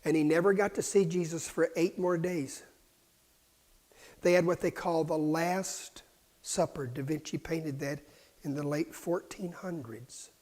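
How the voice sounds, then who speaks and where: A man preaching a sermon, dropping to hushed whispers and rising to loud, fervent cries. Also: fairly high pitch, a little slow.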